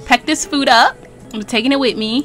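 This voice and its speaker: A woman's voice: on the high side, a little fast, music in the background. A young woman chatting playfully through a life-sim game, laughing often, using slang and reading in-game text aloud. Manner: casual slang and swearing. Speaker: let's play gamer. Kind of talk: casual gameplay commentary.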